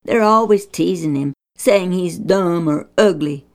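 A woman voicing an eager young schoolboy who talks quickly and pleadingly in a high voice.

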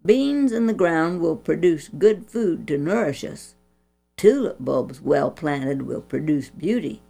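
A woman reading a Christian children's story aloud with an expressive, preachy manner. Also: deep voice, slow pace, gravelly, soft background music.

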